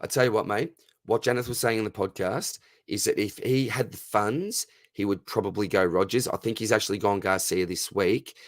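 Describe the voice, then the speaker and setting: A man in his thirties with an Australian accent, hosting a casual live Q&A, friendly and matey, his voice going hoarse. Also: on the low side, normal speed, no echo. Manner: matey and friendly, calls viewers mate and brother. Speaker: livestream host answering fantasy football questions.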